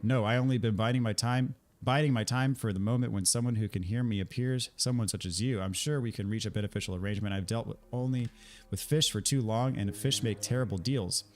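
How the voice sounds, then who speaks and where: A man voicing a scheming, greedy male stone statue who deals in life and power, reading the lines aloud in a smooth bargaining manner. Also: on the low side, brisk, close to an everyday voice.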